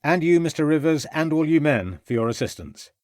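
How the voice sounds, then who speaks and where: A man voicing a courteous, shrewd police inspector who speaks in a polite, measured way, in an audiobook. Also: on the high side, expressive, no echo, studio quality, voice pushed up, natural voice.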